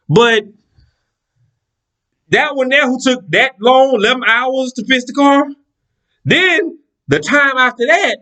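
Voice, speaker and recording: A man casually telling a personal story in an animated, profane, exasperated way. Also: very high-pitched.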